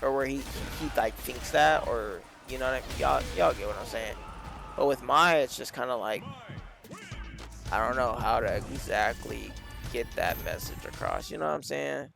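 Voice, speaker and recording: A young man commentates his own fighting-game matches in a gravelly, mid-pitched voice. He rambles and swears freely, dropping into low mutters and rising into loud frustrated rants. Soft game music sits faintly behind him. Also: lively intonation, moderate pace. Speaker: game streamer. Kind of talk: casual commentary while playing a fighting game.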